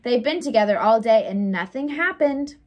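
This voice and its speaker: A cheerful housekeeper from a storybook, earnest and sing-song, chirping along in a lifted, bouncy voice, as a woman reading aloud puts her on. She sounds bright and sincere, with a lilt that swoops up and down. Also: a little high, lively intonation, moderate pace, highs cut off, lightly acted.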